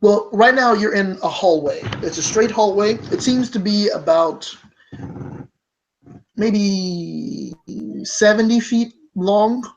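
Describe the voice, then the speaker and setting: A game master narrates a tabletop adventure in a mid-pitched voice, often pausing and correcting mid-sentence. The recording is dull and lo-fi. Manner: rambling, self-correcting narration with many fillers.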